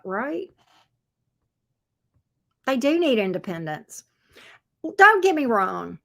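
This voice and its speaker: A woman's voice: a little high, sing-song, takes it slowly, pauses often, fairly bright tone. A woman, hosting a casual tarot livestream, talking bluntly and reading viewer comments aloud. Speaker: tarot reader livestream host.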